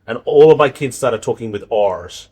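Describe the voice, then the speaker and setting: A man's voice: medium pitch, animated, moderate pace, a little mellow, breathy edge. A middle-aged Australian man telling stories in a casual podcast chat, often restarting his phrases. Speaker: guest.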